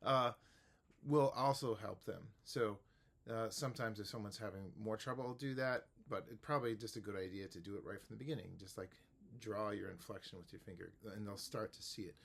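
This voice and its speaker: Male music teacher, casual explainer, rambling and relaxed. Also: on the low side, fairly quick, vocal fry, husky. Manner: relaxed, rambling, many fillers and restarts. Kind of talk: casual instructional talk to camera.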